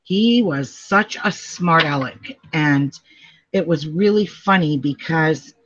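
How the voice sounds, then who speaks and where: Slow-talking chatty woman. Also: low-pitched. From Canada. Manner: chatty, laughs often while telling stories. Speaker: quilting tutorial host. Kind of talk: casual craft tutorial chat. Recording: dull lo-fi recording with faint noise.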